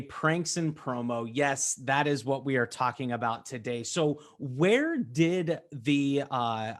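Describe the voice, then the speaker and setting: Casting: American man, 30s, friendly web-show host, a bit high-voiced, rambling and upbeat. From United States. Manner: chatty and upbeat, with fillers and asides. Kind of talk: casual webinar presentation.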